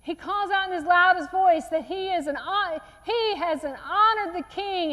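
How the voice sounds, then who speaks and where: High-pitched woman preaching, earnest storytelling, long church echo. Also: normal speed, few pauses, highs cut off. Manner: earnest storytelling, acts out quotes softly. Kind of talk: sermon retelling a Bible story. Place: church sanctuary.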